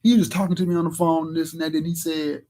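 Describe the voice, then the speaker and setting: A man's voice: on the high side, fairly even intonation, fast talker, mellow, poor audio. A man on a podcast telling a personal story in a blunt, profane, drawling way. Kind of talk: casual storytelling chat. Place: live podcast studio.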